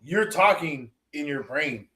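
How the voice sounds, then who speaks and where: A man with a voice a bit high for a man, chatting on a livestream. He teases his friends, swears freely and acts out other people's lines as he tells a story. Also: animated, slow pace, pushed and bright. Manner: teasing, profane, acts out quoted dialogue. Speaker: podcast co-host. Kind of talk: casual livestream chat.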